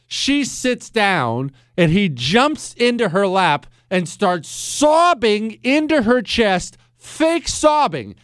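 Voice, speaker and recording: A man's voice: high voice, clear, resonant tone, dry recording, clean studio sound. A man hosting a talk radio show, telling stories in a blunt, sardonic monologue. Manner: animated storytelling, blunt and sardonic.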